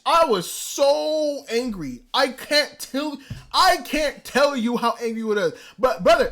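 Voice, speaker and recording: A man reviewing anime in a casual, excitable rant, swearing freely. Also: extremely high pitch, takes it slowly. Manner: excitable, profane ranting. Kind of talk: casual commentary. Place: indoors, a room.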